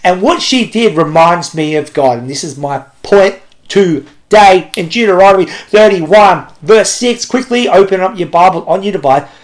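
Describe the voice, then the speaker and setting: A man's voice: sits high, lively intonation, normal speed. A young adult man leading a children's ministry talk, telling a story with frequent laughter. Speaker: kids club leader.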